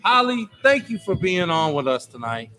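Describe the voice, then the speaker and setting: A man hosting a live sports talk show from a tavern, cracking jokes and teasing his guest. His voice sits a little high for a man and swings widely and lively as he riffs. The banter is loose and playful throughout. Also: moderate pace, soft background music. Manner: joking, animated, teasing. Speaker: show host.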